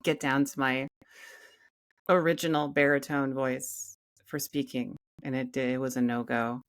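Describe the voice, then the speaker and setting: Wry, low-voiced woman co-host. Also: little pitch movement, a little slow. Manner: wry, teasing. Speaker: podcast co-host. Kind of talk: casual interview chat.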